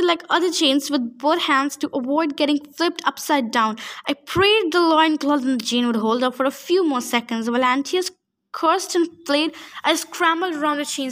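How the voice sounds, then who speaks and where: A woman's voice: high-pitched, moderate pace, fairly bright tone. A woman narrating a first-person adventure story aloud, casual, with joking asides. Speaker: audiobook reader.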